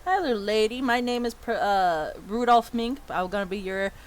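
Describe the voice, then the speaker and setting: Woman playing a flustered wizard teacher guy, stammery and awkward but kind, higher voice, tabletop game. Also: animated, moderate pace, close to an everyday voice. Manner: stammering, flustered, full of fillers. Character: flustered male magic-school professor, awkward but kindly.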